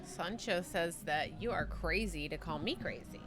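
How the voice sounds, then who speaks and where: A woman's voice: lowish voice, moderate pace, a crowd in the background. A woman commentating live poker with chatty, playful banter that drifts into rambling asides.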